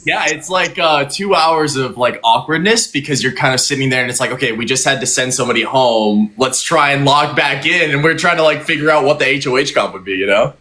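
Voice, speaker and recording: A man's voice: mid-range voice, a little fast, few pauses, pushed and bright. A man joining a casual phone live stream as a guest, laid-back and playful. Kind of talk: casual chat. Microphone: phone livestream.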